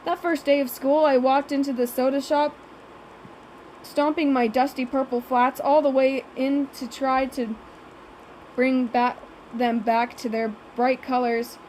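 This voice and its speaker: Woman narrator, high voice, wry and sarcastic, first-person audiobook reading. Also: little pitch movement, a little slow, darkish tone, a little hiss or hum, rough recording.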